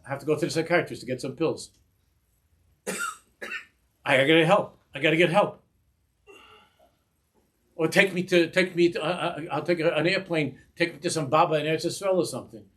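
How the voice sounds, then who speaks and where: A middle-aged man, a rabbi, giving an animated Torah class, acting out little dialogues and sprinkling in Yiddish and Hebrew words. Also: a little high, quick pace.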